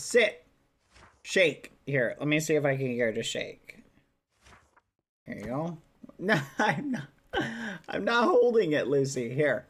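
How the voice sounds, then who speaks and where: A man's voice: on the high side, big pitch swings, slow, pauses often. A man streaming casually, chatting to viewers while coaxing his dog. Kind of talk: casual livestream chat.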